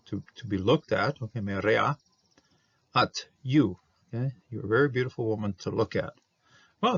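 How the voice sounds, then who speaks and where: A man explaining an old text word by word, halting and thinking aloud with many fillers and restarts. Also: fairly low pitch, creaky, husky, no echo, highs cut off. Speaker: Hebrew Bible teacher.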